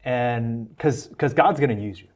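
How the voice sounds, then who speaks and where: A man's voice: medium pitch, normal speed. An American man, a podcast guest, telling his testimony in a casual, earnest way and acting out the voices of people he quotes. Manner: earnest, animated storytelling with quoted dialogue.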